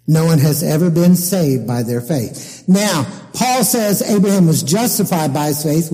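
A man preaching a sermon as pastor, emphatic and deliberate as he explains scripture. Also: a little high, mellow, big-room sound, rough recording.

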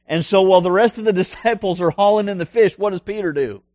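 A man's voice: high-pitched, fast, a little mellow, dry recording, clean studio sound. A male pastor preaching a sermon in an emphatic way, full of rhetorical questions and punchy asides.

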